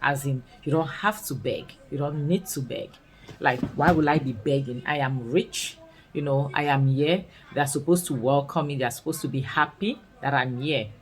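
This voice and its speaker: A woman with a Nigerian accent recapping a series in casual commentary, expressive and full of scolding rhetorical questions. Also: a bass voice, normal speed, slight background noise, rough recording. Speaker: series reviewer.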